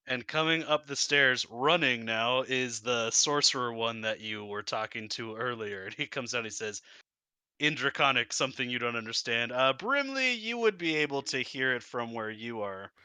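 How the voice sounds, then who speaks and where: A man narrating a tabletop game as game master, animated and often laughing. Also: medium pitch, moderate pace, clean tone, dry recording.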